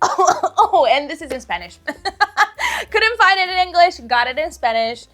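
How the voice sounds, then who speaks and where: A bubbly woman with a high, lively voice chats through a casual book haul vlog, giggling and gushing as she goes. Soft music plays faintly behind her. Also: a little slow. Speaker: book vlogger.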